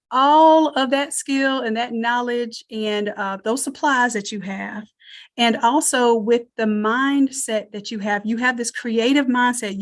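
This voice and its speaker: Southern woman, slightly high voice, energetic webinar instructor who cheers on her viewers, computer mic on a video call. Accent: Southern American. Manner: energetic, encouraging, addresses audience as y'all. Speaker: online design course instructor. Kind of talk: live webinar teaching and promotion.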